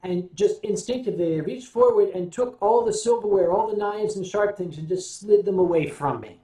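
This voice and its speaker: An older American man hosting a casual livestream, telling stories and answering viewer comments in a wry, unhurried way. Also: high voice, dark tone. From United States. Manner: wry, unhurried storytelling with sips and hums. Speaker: livestream host. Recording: roomy sound, voice a bit off-mic.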